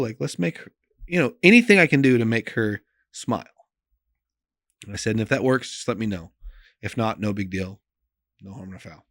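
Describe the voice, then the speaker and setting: A man, a pastor, telling a personal story in an interview in an earnest, emotional way, often trailing off soft and quiet, with loose phrasing and many fillers. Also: on the low side, no room sound, clean studio sound.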